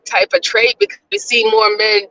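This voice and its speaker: A woman from New York vents on a live talk stream in a high, bright voice. She swears freely and sounds fed up, and a faint hiss runs under the audio. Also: sing-song, moderate pace, creaky, highs cut off. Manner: exasperated, profane ranting. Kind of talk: casual reaction chat.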